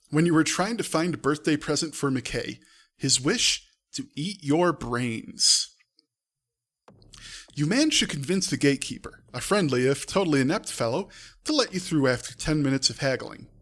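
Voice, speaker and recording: A man's voice: a little high, very animated, brisk, a bit bright. A man streaming live, reading out a text adventure and breaking off with offhand asides. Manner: reads aloud with offhand asides. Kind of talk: live-streamed game narration.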